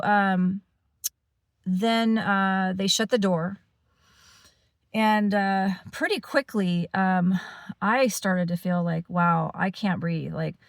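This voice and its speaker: A woman's voice: mid-range voice, dry recording, studio quality. A woman telling a personal story to her camera in a casual, rambling way, with lots of fillers and restarts and frequent small laughs. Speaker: paranormal channel host.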